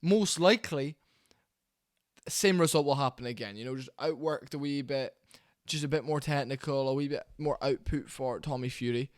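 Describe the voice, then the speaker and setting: Casual boxing talk comes from a man at home in a warm room, his medium-pitched voice moving at a normal speed as he rambles candidly, full of fillers and restarts. It's studio-quality audio without any room sound.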